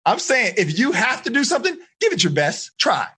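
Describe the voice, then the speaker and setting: A man running a live online coaching seminar for teens, talking in an energetic, slangy way straight to the kids. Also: extremely high pitch, fairly quick, slightly rough. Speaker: life coach.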